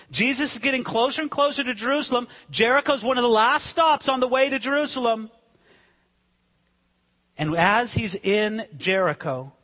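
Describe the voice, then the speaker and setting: A man preaching a sermon, swinging between hushed, slow asides and sudden dramatic shouts. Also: sits high, long reverb tail. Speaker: pastor.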